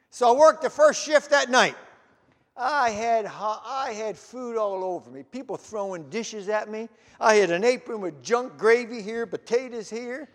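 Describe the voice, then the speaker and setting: Middle-aged male preacher, very high voice, lively sermon storytelling in a reverberant hall. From Canada. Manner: animated storytelling, rising to shouts.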